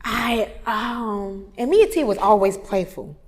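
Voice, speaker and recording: A woman, candidly telling a personal story, moving from hushed tones to loud animated retelling. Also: mid-range voice, measured pace. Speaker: photographer telling her story. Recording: long reverb, roomy hall sound.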